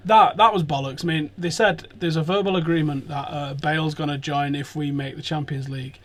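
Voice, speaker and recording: A man hosting a football podcast, telling sweary, animated stories in casual chat from a sofa. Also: fairly high pitch, a little fast. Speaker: podcast host. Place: sofa indoors.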